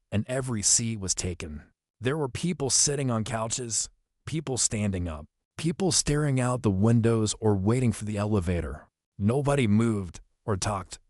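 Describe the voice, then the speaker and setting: A man narrates a fantasy audiobook in the first person, steady and descriptive. His voice sits on the low side. The recording is close and dry, with no room sound. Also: no echo.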